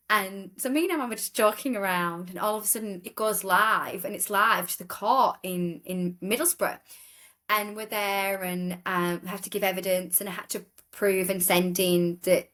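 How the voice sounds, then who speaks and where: A woman guest recounting her life in a casual interview, rambling along with frequent restarts. She slips into other people's voices as she tells the story, and her own voice sits at a middling pitch. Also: a bit bright. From England.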